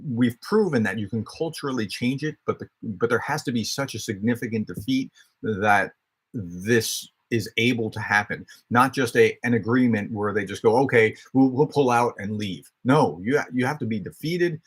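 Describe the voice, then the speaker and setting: A man's voice: medium pitch, normal speed, fairly bright tone, husky. A man hosting a casual question-and-answer stream, explaining his views in a conversational, thinking-aloud way with frequent restarts. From United States. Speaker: host answering viewer questions.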